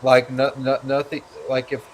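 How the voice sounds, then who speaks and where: A man's voice: mid-range voice, completely flat delivery, moderate pace, slight background noise, low-quality recording. Man asking hesitant, rambling questions. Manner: hesitant, repeats and restarts while asking questions. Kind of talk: casual group chat.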